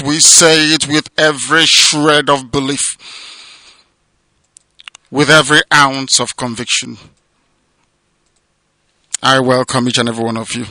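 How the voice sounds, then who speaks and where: A man gives a fervent political radio address in a somewhat high, sharply cutting voice. He proclaims in rising, sermon-like repetitions, then drops to hushed, emotional passages. The sound is close and dry, with no room echo. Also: flat delivery, a little slow, pauses often. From southeastern Nigeria. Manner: declamatory, swinging between loud proclamations and hushed, emotional passages. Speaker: radio broadcaster and movement leader. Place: abroad, away from home.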